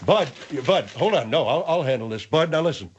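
A man's voice: fairly high pitch, animated, a little fast, slightly rough, lo-fi sound. A man playing a short-tempered, blustering man called the General. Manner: blustery, insists on handling things.

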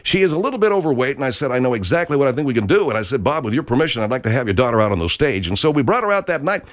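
A man's voice: mid-range voice, very animated, racing. Folksy Arkansas man telling a rambling comic tale. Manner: folksy, rambling, full of filler words. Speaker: country show host. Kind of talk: comedic rambling monologue.

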